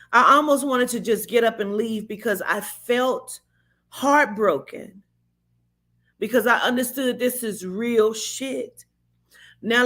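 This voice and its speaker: A woman's voice: fairly high pitch, fairly bright tone. Emotional woman recapping a movie. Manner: emotional, candid, swears freely, many fillers. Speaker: vlogger and spiritual reader. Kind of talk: casual movie recap chat.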